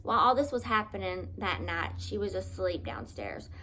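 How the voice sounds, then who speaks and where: A woman speaks to camera in a personal storytime vlog, her voice at an ordinary middle pitch. She tells her story earnestly and haltingly, stopping to restart lines. A faint hiss of noise sits under her voice. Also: big pitch swings, sharp tone. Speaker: vlogger.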